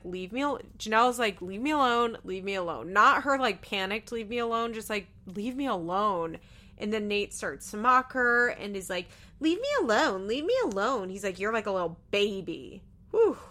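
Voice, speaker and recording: A woman's voice: medium pitch, pushed and bright. A woman giving casual, sarcastic commentary as she recaps a reality TV show, laughing often.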